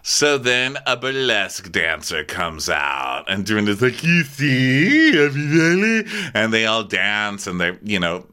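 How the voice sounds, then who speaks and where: A man co-hosting a comedy podcast, recapping a reality show in gossipy, animated chat. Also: lowish voice, measured pace, hardly any pauses, clear, resonant tone. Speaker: podcast co-host.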